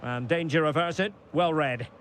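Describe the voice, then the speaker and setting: A man giving play-by-play football game commentary, shouting on goals and calm between plays. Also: fairly high pitch, unhurried, a little hiss or hum.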